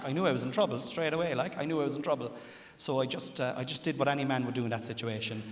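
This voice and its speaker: A man's voice: medium pitch, racing, hardly any pauses, recorded from a distance. A man in his thirties with a Cork Irish accent, telling a stand-up story to a live audience and acting out both sides of a conversation. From Ireland. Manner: chatty storytelling with acted-out dialogue. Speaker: stand-up comedian. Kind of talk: stand-up comedy. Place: large theatre stage with live audience. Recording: echoey theatre with long reverb. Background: audience laughter.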